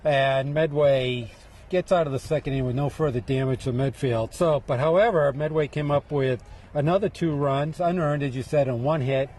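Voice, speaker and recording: A man with a New England accent giving relaxed, chatty play-by-play for a local TV softball broadcast. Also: medium pitch, moderate pace. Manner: relaxed, chatty, jokes with booth partner. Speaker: play-by-play announcer.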